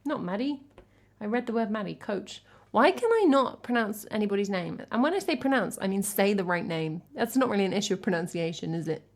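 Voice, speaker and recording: A woman's voice: medium pitch, animated, fairly quick, few pauses. An English woman from England, a music streamer chatting casually between songs, reading chat and thanking viewers in a chatty, self-deprecating way.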